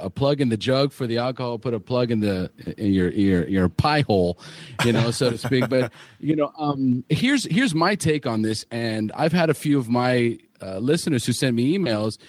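A man's voice: medium pitch, a little mellow, dry recording. A man hosting a podcast on a remote call, joking, swearing and poking fun at himself. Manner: joking, profane, self-deprecating. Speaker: podcast host. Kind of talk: casual podcast chat.

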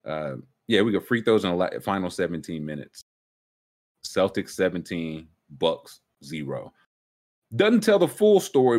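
A man hosting a casual sports talk show, ranting emphatically with sudden jumps up in pitch. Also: very animated, measured pace, a little mellow. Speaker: sports podcast host.

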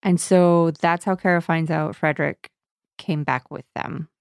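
A woman talking through a book with a friend in a casual, animated way, often laughing. Her lowish voice has a gravelly edge. The sound is dry and close. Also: a little slow, no room sound. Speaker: book podcast co-host. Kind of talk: casual chat.

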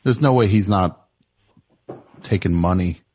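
A man with a somewhat low voice hosts a comedy call-in show. He teases his callers and riffs in a loose, rambling way. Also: measured pace, darkish tone, breathy edge. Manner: teasing, riffing and rambling. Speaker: host.

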